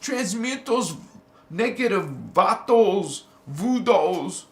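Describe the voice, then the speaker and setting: Slow fervent guy preaching spiritual stuff, slangy, echoey room. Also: on the high side, big pitch swings, fairly bright tone. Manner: fervent, exhorting, sprinkled with slang. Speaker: spiritual channel host. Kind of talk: live spiritual teaching with guided visualization.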